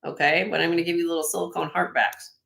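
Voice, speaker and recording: A woman hosting a live online jewelry sale, chatting excitedly and loudly as she shows each piece. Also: fairly low pitch, fast talker, creaky. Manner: excitable, loud, chatty sales patter.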